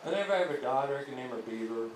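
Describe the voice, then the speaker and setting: Crude young stand-up comic, echoey club. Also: male voice, mid-range voice, lively intonation, rapid-fire, far from the mic, noisy background. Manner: crude, rambling delivery with acted-out voices. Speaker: stand-up comedian. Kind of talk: stand-up set. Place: comedy club stage. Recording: echoey club heard from afar.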